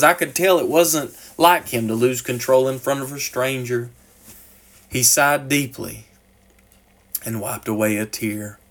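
Man preaching with dramatic swings. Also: medium pitch. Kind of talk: sermon.

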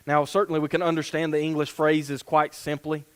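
A man's voice: fairly high pitch, little pitch movement, brisk, smooth. A man preaching a sermon and reading scripture aloud, earnest and given to restarting phrases. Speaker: pastor.

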